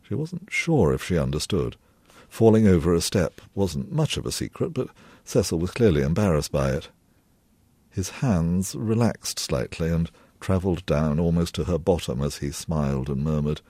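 A novelist reading a passage of his own fiction aloud in a measured, low-key way. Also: expressive, dark tone, breathy edge, no room sound. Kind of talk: literary reading.

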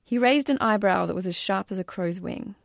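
A woman's voice: medium pitch, a little fast, creaky, dry recording, studio quality. A woman reading aloud from her own memoir in a wry, self-deprecating way. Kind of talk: audiobook-style memoir reading.

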